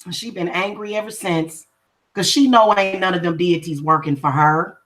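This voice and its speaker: A woman's voice: on the low side, normal speed, fairly bright tone. A woman who reads and does spellwork, talking casually to viewers in a confrontational, emphatic way and repeating her points for stress. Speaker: spiritual practitioner and reader. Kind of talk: casual livestream talk to viewers.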